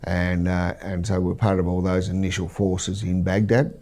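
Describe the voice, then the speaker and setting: A middle-aged Australian man, a military veteran, recounting war memories in a measured, halting interview. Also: deep voice, little pitch movement, darkish tone.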